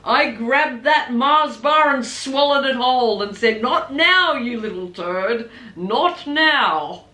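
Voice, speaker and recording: A woman acting out a brash, crude woman of fifty venting with cheeky bluntness in a comedy interview. She sits high in pitch and pushes out every complaint. The room gives her voice a roomy echo. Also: expressive, takes it slowly, sharp tone, exaggerated voice. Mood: bawdy. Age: 50s. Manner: cheeky, crude, exasperated rants.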